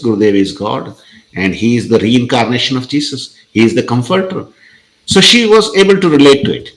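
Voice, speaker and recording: A man's voice: mid-range voice, a bit bright, rough recording. Man telling a story. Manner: hesitant, many fillers. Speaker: podcast guest. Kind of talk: conversational storytelling.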